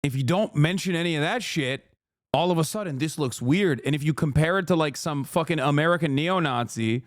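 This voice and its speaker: A livestreaming man rants through political commentary with a sarcastic, swear-heavy heat. His voice sits a little high. The sound is dry and close, with no room around it. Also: fairly quick, no room sound. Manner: profane, sarcastic, heated. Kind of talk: casual political commentary rant.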